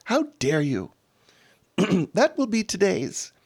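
A man putting on a high, prim voice for an indignant older woman. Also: huge pitch swings, slow pace, gravelly, darkish tone, husky, heavily acted. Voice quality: high falsetto, prim and scolding.

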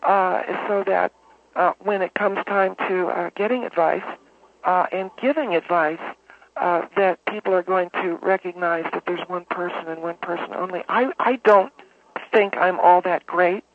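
A pompous, self-important homeowners association president, as a man puts him on, drones along in a flat monotone, stumbling over uhs and restarts. His voice sits high for a man and comes through a tinny, narrow phone line. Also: no echo. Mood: smug. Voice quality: monotone droning. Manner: halting, full of uh and restarts. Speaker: caller.

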